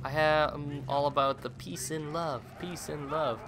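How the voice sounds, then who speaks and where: A man's voice: a little high, fairly even intonation, a little slow, very noisy. Young man joking through game commentary. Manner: playful, jokey, loud sudden outbursts. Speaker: let's play host. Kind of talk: gameplay commentary.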